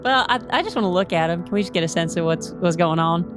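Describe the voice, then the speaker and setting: A woman's voice: on the low side, fast talker, music in the background. A woman playing a tabletop game, playful and laughing often. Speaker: player. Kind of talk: casual tabletop role-play.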